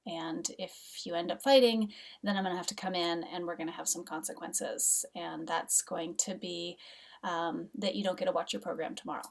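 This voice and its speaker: A middle-aged woman giving an earnest, gentle self-help talk as a mother, sometimes dropping to a soft whisper. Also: on the low side, fairly even intonation, moderate pace, creaky, far from the mic. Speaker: host, mother and coach.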